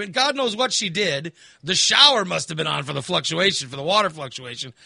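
A man hosting a talk show who tells a crude story in an animated, exasperated way and swears freely. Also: high-pitched, fairly quick, vocal fry, hardly any pauses, breathy edge, no echo. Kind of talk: casual storytelling chat.

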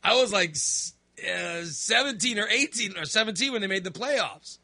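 A middle-aged man chatting casually, telling a story with lively acted-out reactions. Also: high-pitched, moderate pace, vocal fry, no echo. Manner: animated storyteller, acts out his own reactions. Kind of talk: casual chat.

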